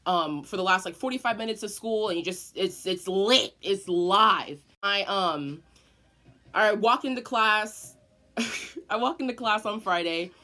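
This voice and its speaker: A young woman telling a personal story in a casual vlog, animated and swearing often. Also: medium pitch, a little slow. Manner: animated, profane, dramatic storyteller. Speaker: vlogger.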